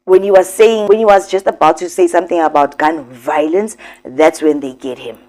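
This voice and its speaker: A woman's voice: lowish voice, steady tone, moderate pace, mellow. A woman hosting a commentary vlog, talking emphatically and straight to her viewers. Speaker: commentary host.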